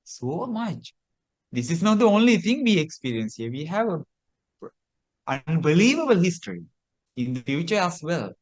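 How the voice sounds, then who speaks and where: In a sing-song, high voice, a male Buddhist monk shares a teaching story as part of a sermon. He goes slowly, repeats himself, and restarts hesitantly.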